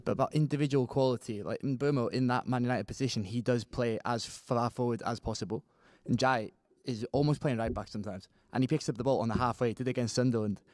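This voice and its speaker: A man's voice: medium pitch, quick pace, few pauses, darkish tone, no room sound. Male panel guest, firm, argumentative, dry close sound. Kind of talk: casual debate.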